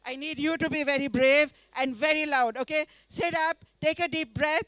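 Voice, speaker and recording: High-voiced woman telling a story. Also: normal speed, no room sound. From India. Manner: lively, coaxes the audience to join in, laughs often. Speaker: author reading to an audience. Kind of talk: interactive storytelling reading. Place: festival tent.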